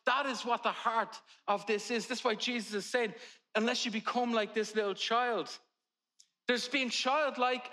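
A man in his forties preaching from the pulpit, with a high and bright voice. He talks to the congregation in a loose, chatty way and drifts into funny stories about his children. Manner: conversational preaching with humorous family anecdotes. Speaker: pastor. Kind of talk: sermon.

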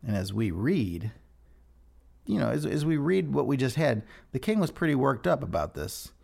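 A man's voice: medium pitch, normal speed, creaky. A man giving a casual devotional talk, rambling and correcting himself as he retells a scripture story. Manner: rambling, self-interrupting, animated. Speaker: devotional speaker.

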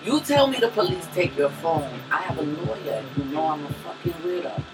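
A woman co-hosting a podcast, telling a personal story in a loose, profane, animated way and laughing often. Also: low-pitched, a little fast, recorded from a distance, music in the background, rough recording. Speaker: podcast co-host. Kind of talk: casual storytelling chat.

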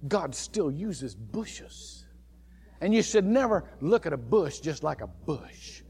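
A male pastor preaching a sermon, telling stories and asking the congregation question after question, with a playful laugh between points. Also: fairly high pitch. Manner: lively storytelling with many questions to the congregation. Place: church sanctuary. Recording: long church hall reverb.

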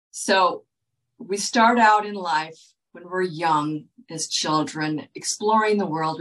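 A woman's voice: lowish voice, low-quality recording. A woman talking straight to her viewers in an earnest, lecturing way, often checking in with "okay?". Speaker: wellness speaker. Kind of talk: direct-to-viewer talk.

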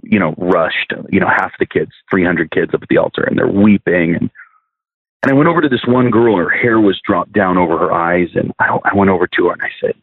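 A minister appearing as a podcast guest earnestly shares his testimony, often restarting and repeating words. His low-pitched voice is animated, brisk and slightly rough. The dry recording has no room sound and a narrow, phone-like quality.

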